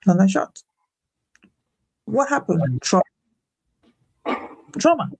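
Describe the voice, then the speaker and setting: A woman shares her faith testimony in an animated, preacherly way. She repeats words when she is emphatic, and her voice leaps upward as she retells a story. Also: medium pitch, takes it slowly, husky. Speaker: guest speaker. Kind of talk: faith-based personal testimony.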